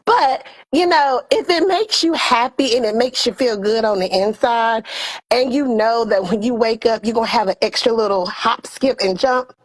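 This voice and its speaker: A woman co-hosting a casual talk show, telling stories and giving heartfelt advice in an expressive, animated way. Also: a little high. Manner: expressive, animated storytelling with quoted dialogue. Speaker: co-host.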